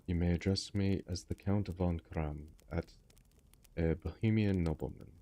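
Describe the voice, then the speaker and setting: A man's voice: deep voice, steady tone, a little slow, dark tone. A man voicing a masked, secretive Bohemian nobleman who speaks formally and guardedly.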